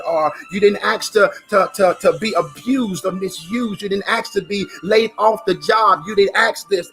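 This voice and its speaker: A man giving an emphatic motivational talk, repeating phrases and sometimes rising to a shout. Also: high voice. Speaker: motivational speaker.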